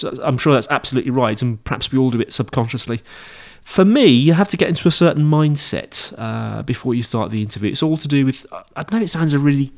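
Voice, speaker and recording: Chatty man giving casual tips. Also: mid-range voice. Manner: chatty, rambling, with frequent fillers and self-corrections. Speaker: podcast host teaching interview skills. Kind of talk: casual instructional monologue.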